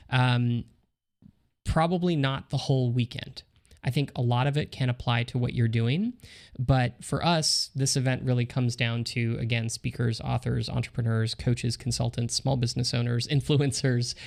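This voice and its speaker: A man co-hosting a live online Q&A, reading out viewer comments in a relaxed, chatty way. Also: medium pitch, vocal fry. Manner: relaxed, chatty, frequent ums and laughs. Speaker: co-host reading viewer questions.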